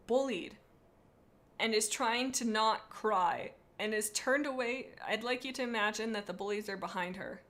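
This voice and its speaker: A woman's voice: on the high side, a bit bright. A woman on a live stream, rating viewers' pet cats in a playful, rambling way and reading chat comments aloud into a desk microphone.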